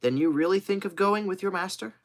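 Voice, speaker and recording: A man's voice: high voice, brisk, voice pushed up. A man voicing a skeptical, stubborn hunter who speaks bluntly.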